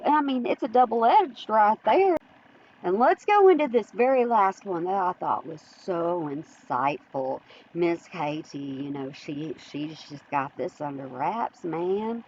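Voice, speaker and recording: High-voiced woman mocking with laughter. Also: lo-fi sound. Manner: mocking, chatty, laughs often. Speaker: host. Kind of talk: opinion commentary vlog.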